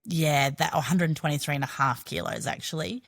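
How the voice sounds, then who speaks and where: A woman's voice: low voice, fairly quick, creaky. A middle-aged Australian woman telling her own story as a podcast guest, frank and chatty, swearing freely. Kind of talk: candid personal storytelling.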